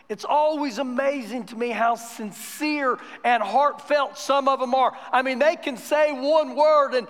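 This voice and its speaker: High-voiced preaching pastor in reverberant church. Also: male voice, fairly bright tone. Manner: conversational storytelling building to emphatic preaching. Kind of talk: sermon. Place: church sanctuary during a live service. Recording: long church hall reverb.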